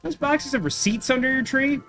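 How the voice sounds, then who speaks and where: A man voicing a dry, unflappable male paranormal detective who asks deadpan questions. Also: extremely high pitch, moderate pace, faint music behind, voice pushed up.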